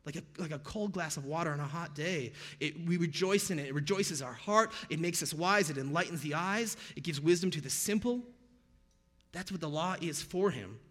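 American pastor preaching in a reverberant hall. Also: male voice, a little high, moderate pace, a bit bright. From United States. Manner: conversational, with jokey pop-culture asides. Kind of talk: sermon.

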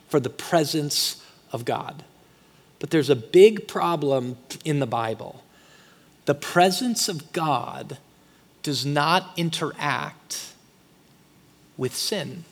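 Male pastor, slightly high voice, conversational sermon with loud emphatic bursts, long hall reverb. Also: slow pace, pauses often, slightly rough. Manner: conversational preaching, swings from quiet asides to loud emphatic peaks.

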